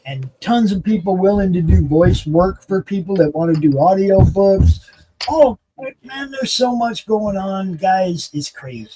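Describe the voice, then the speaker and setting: A man hosting a casual hangout chat, rambling and profane with quick laughs. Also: high-pitched, animated, warm tone, slight background noise, low-quality recording. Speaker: host.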